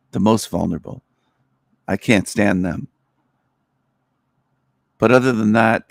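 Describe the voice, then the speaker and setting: Gravelly low-voiced middle-aged man rambling. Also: no room sound, studio quality. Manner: blunt, rambling, crude and opinionated. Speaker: livestream host. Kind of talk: casual rambling livestream monologue.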